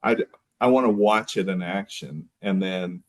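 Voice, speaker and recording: A man who is a guest on a podcast, talking thoughtfully with frequent pauses and restarts. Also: sits low. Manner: thoughtful, hesitant, many fillers and restarts. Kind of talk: casual conversation.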